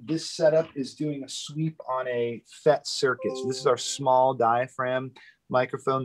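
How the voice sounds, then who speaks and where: A man of ordinary middle pitch walks viewers through a microphone factory indoors. He explains the engineering in a casual, conversational way, often pausing with "um" and checking in with "right?". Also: rough recording. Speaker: factory tour guide. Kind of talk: live virtual factory tour explanation.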